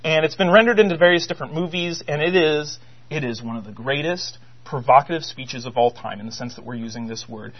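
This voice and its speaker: A man giving a conversational sermon, animated and loose, with frequent restarts and fillers. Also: a little high, a little fast. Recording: dull lo-fi sound.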